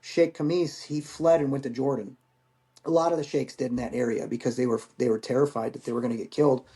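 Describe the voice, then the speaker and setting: A man's voice: medium pitch, steady tone, fast talker, mellow. A man in his forties, a veteran guest, telling stories in a candid, rambling way and swearing casually. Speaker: podcast guest, Marine veteran. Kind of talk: casual storytelling.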